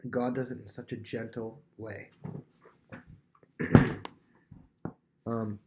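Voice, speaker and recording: This young Bible teacher takes things slowly, his voice fairly low. The lesson is relaxed and conversational, peppered with fillers and restarts, and he brings the dialogue to life with animated character voices.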